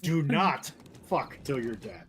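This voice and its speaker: A man playing a co-op game with the host, chatting casually and tossing in dry, quick one-liners. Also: on the high side, a bit bright, slight background noise. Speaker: co-player and regular guest. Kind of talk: casual co-op gameplay chat.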